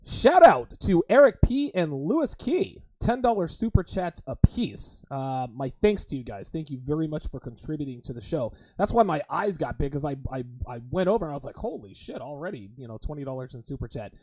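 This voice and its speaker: A man's voice: a little high, very animated, normal speed, few pauses, mellow, dry recording. A man hosting a livestream podcast, talking crudely and emphatically and repeatedly calling his listeners guys. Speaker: host.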